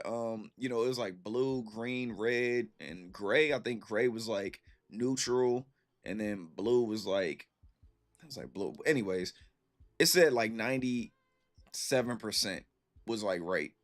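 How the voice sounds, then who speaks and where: A man in his thirties chatting casually with stream viewers, telling an animated, slangy story and repeating himself for emphasis. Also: mid-range voice, a little slow.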